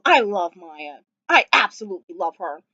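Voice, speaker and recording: A woman's voice: mid-range voice, very animated, moderate pace, pushed and bright, husky, no echo, muffled recording. A woman vlogger sitting on the floor at home, gushing and rambling about a TV episode with lots of fillers. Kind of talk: casual chat.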